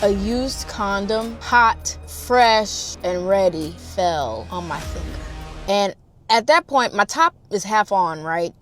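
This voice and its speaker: Young woman spilling a storytime, slangy and cussing, goes from loud outbursts to quiet mutters, talks right to y'all. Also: takes it slowly, faint music behind. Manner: animated, swinging between loud exclamations and hushed low asides; addresses listeners directly, slangy and profane. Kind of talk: casual storytime chat.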